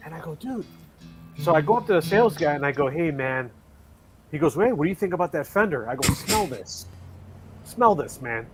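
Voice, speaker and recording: A man's voice: on the high side, lively intonation, quick pace, over music. A man hosting a casual chat, telling a story and acting out the quotes. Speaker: host. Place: Chicago.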